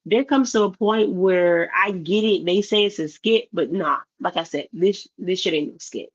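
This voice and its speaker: A woman's voice: lowish voice, normal speed. A woman giving a blunt, exasperated casual commentary rant about videos. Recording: slightly dull lo-fi audio.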